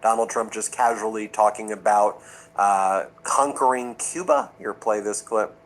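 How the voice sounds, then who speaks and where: A man's voice: steady tone, a little slow, low-quality recording. Man giving mocking political commentary. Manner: mocking, mimics quotes in a higher voice. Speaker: commentary host.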